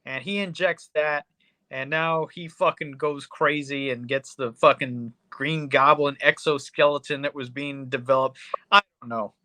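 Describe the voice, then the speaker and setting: A man co-hosting a podcast, reviewing a movie in a casual, excitable, profane way with lots of fillers. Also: medium pitch, a little slow, no echo. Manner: excitable, swears a lot, trails off with fillers. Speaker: podcast co-host.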